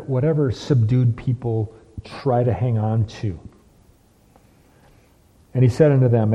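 A man's voice: medium pitch, measured pace, long pauses, husky. A man preaching a sermon, full of repeated phrases and rhetorical questions. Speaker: pastor. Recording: dull lo-fi with long hall reverb.

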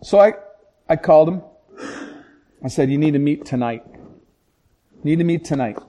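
A middle-aged man, a pastor, telling a painful personal story in conversation, acting out the dialogue and swinging from hushed, low tones to loud, raised outbursts. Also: moderate pace. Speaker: pastor and police chaplain.

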